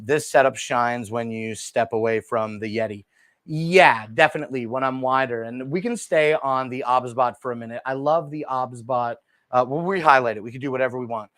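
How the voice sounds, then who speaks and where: A man hosting a live shopping stream, chatting casually and softly to viewers while demoing gear on a lapel mic. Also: medium pitch, moderate pace, no room sound. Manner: chatty, rambling, talks straight to viewers; speaking softly and relaxed instead of his usual loud delivery. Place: indoor room, moving around on camera. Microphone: wireless lapel mic.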